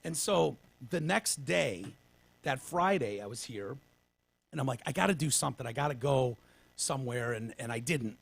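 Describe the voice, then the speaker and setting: A man's voice: medium pitch, expressive, normal speed, creaky, slightly rough. A man hosting a casual podcast, telling long rambling stories with lots of swearing and restarts, winded as he recovers from pneumonia. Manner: rambling storyteller, swears freely, restarts often. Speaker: podcast host.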